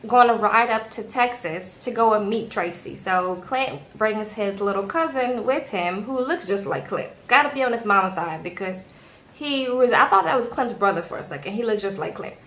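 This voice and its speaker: A woman's voice: medium pitch, animated, measured pace, a bit bright, rough recording. A woman vlogger recapping a reality show in a chatty, filler-heavy way, talking straight to her viewers from a room at home. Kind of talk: casual TV recap.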